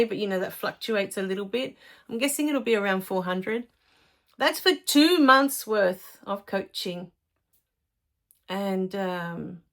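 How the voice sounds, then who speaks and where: A middle-aged woman, a life coach talking casually to her followers in a chatty storytelling way. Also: mid-range voice. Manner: chatty, warm storytelling with laughs.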